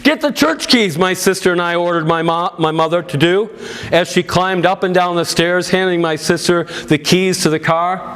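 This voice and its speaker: A male pastor tells his story to a gathered audience, reading a written account aloud. His voice sits a bit high for a man. He delivers it earnestly and with feeling, breaking off now and then for plain, chatty remarks to the listeners. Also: flat delivery, moderate pace, clear, resonant tone. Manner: earnest, emotional storytelling with loud raised-pitch quotes; plain conversational asides to the audience.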